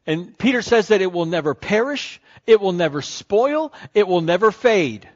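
A man preaching a sermon as pastor, moving between calm teaching and rising, excited storytelling. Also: sits high, normal speed. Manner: builds from calm teaching to loud excited crowd-cheering passages. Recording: dull lo-fi sermon recording.

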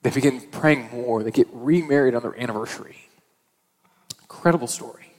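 A man's voice: medium pitch, brisk, a little mellow, in a large hall, low-quality recording. A male pastor preaching a sermon in a conversational, storytelling way.

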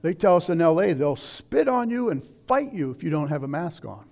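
Older male preacher, high voice, fervent sermon delivery that swings between loud declaiming and hushed asides. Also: very animated, moderate pace, gravelly.

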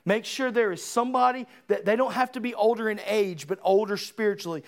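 A man preaching a sermon in a church, impassioned, rising to shouts and then dropping low and earnest. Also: brisk. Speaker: pastor.

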